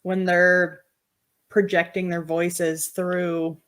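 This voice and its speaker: A woman with a somewhat low voice, co-hosting a casual podcast. She explains points in an even, measured way between easygoing chat. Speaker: podcast co-host.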